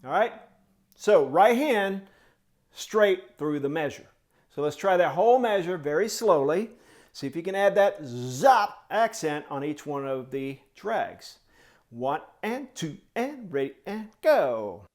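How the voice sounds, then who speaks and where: A male snare drum teacher with a voice pitched a little above the usual for a man. He walks students through the music beat by beat, scatting the rhythms and counting them in with an encouraging, coaching manner. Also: expressive, unhurried. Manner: sings drum rhythms in syllables and counts off tempos. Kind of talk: step-by-step music tutorial.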